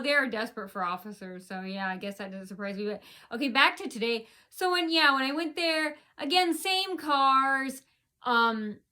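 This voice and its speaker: A woman's voice: a little high, bright, forceful tone. A woman vlogger telling a personal story in an indignant, rambling rant, often repeating herself.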